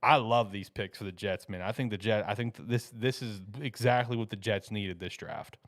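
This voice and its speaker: A man's voice: lowish voice, normal speed, a bit bright. A man co-hosting a football show, talking enthusiastically and emphatically about draft picks in casual chat.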